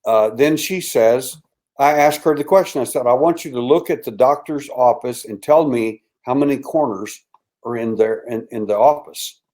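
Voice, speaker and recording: An older man, the guest in this interview, spins a story with energy, imitating the voices he quotes and lowering to a hushed tone. He has a mid-range voice and speaks at a moderate pace.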